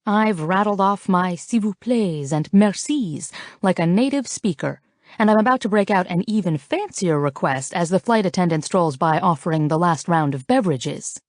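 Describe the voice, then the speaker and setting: A woman reads a first-person romance audiobook with a playful, flirty, teasing lilt. Her voice sits on the low side. The recording is dry and close, as if made in a booth. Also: animated, moderate pace, no room sound. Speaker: audiobook narrator.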